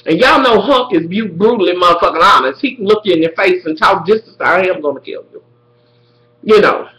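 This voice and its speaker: A man's voice: sits high, lively intonation, fairly quick, sharp tone, reverberant, rough recording. A man recapping a TV episode casually to his viewers, dramatic and profane. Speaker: TV recap vlogger.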